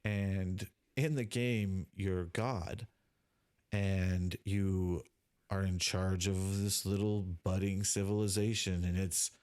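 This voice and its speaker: A man's voice: low-pitched, level tone, slow pace, a little mellow, smooth. A man co-hosting a casual podcast chat, rambling and restarting his sentences often. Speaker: podcast co-host.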